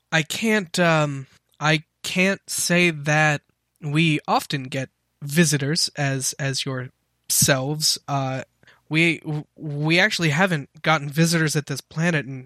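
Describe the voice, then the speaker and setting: A scatterbrained male professor, excitable about his work and quick to apologize, as a game master puts him on. His speech is bright and hesitant, recorded in a dry, close setting. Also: a little high, dry recording. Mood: apologetic. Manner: flustered, apologetic, trailing off.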